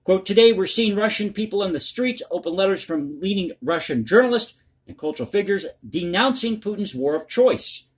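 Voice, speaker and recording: A man's voice: sits high, expressive, normal speed, breathy edge. A man hosting his own channel, giving blunt, crass, opinionated commentary on the news. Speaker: political commentary host.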